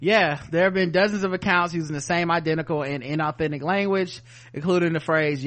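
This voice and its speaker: A man's voice: a little high, moderate pace, a bit bright. A man co-hosting a podcast, reading news headlines and riffing on them in casual, sardonic, profane chat. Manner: profane, sardonic, reads headlines then riffs. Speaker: podcast co-host.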